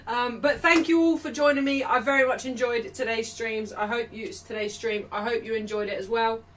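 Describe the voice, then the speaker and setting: A woman's voice: a little high, steady tone, moderate pace, distant mic. A young woman hosting a live football watchalong stream, chatting casually with her viewers, laughing a lot and swearing now and then. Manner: laughs often, swears, talks to her chat.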